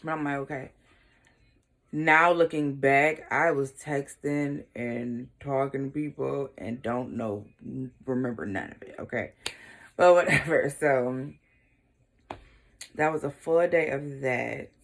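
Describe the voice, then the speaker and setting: A young woman speaks straight to her viewers in a deep voice with a lot of fry. She tells a personal story in casual talk, waving off side details as she goes. Her tone is frank and unpolished. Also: slow. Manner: casual, shrugging asides like "blah, blah" and "whatever". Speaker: vlogger.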